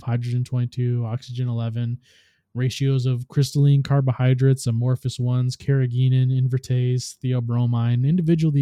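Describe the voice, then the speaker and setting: A man voicing an excitable young woman tinkerer who talks in a quick, gushing way. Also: medium pitch, no echo, studio quality, close to an everyday voice. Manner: gushing, then worried.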